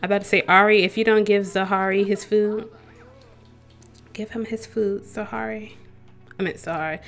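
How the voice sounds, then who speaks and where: A woman's voice: mid-range voice, fairly even intonation, normal speed, a bit bright, faint music behind. Chatty woman narrating her game. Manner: chatty, talks to the game characters and viewers. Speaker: let's play host. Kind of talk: casual gameplay commentary.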